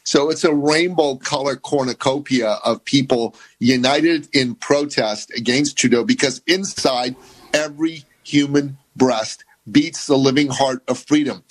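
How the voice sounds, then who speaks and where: A man's voice: mid-range voice, unhurried, poor audio. A man from the Middle East as a guest commentator, talking heatedly and emphatically with stammering restarts.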